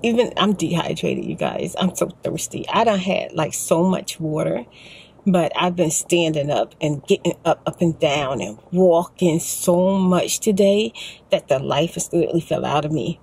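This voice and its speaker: Exhausted soft-spoken Texan woman, raspy. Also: low voice. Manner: soft-spoken, rambling, emotional. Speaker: ASMR vlogger. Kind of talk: soft-spoken rambling vlog. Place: parked car.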